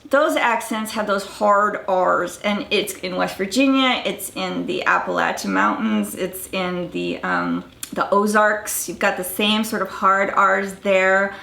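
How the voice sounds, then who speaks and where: A woman with a Southern American accent explains dialect features in a loose, conversational way, full of fillers and blunt asides. Her voice is bright and crisp. The room around her is echoey. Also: medium pitch, unhurried. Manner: informal, many fillers and restarts, blunt asides. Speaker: dialect researcher. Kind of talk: casual explanation to camera.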